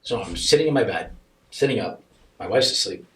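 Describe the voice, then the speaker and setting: Emotional middle-aged man with a low voice. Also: lively intonation, rough recording. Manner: halting, repeats himself, voice rises and falls with emotion. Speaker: podcast guest. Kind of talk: emotional personal storytelling.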